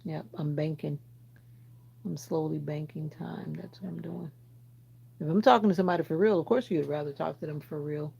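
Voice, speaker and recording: A woman's voice: deep voice, normal speed, vocal fry, warm tone, husky, low-quality recording. A Jamaican woman from Jamaica hosting a casual livestream, chatting with viewers and teasing them as she answers their comments. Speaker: livestream host.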